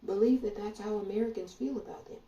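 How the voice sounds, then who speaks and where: A woman rants about politics in a blunt, indignant monologue and talks right at her audience. Her voice is dark and gravelly with a mellow low end. She sits away from the mic in a roomy, echoing space. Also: fast, far from the mic. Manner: blunt, indignant, profane, addresses listeners directly. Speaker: political commentator. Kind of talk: ranting monologue. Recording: echoey room, voice off-mic.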